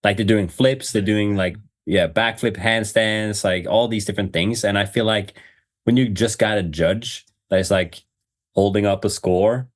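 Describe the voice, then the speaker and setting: A man with a fairly low voice chats through a podcast segment in a loose, rambling way. He leans on fillers and breaks into quick laughs. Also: fairly even intonation. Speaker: podcast host. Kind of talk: casual podcast chat.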